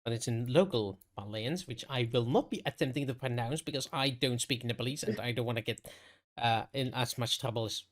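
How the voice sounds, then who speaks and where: A man's voice: mid-range voice, brisk. A man narrates a tabletop role-playing game as the game master. He stops and restarts often, fills gaps with ums and uhs, and laughs easily with his players. The sound suggests a mic at home on a voice call. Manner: hesitant, filler-heavy, laughs often.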